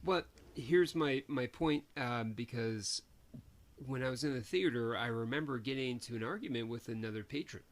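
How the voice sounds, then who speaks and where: Guy cohosting a movie podcast, jokey storyteller, mid pitch, just chatting. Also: moderate pace. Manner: jokey, tells stories with acted-out quotes. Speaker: podcast co-host. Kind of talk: casual chat.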